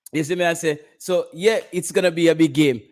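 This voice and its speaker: Animated Jamaican man chatting on stream. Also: fairly high pitch. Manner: animated, laughing, banter with chat. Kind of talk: casual live-stream chat about football.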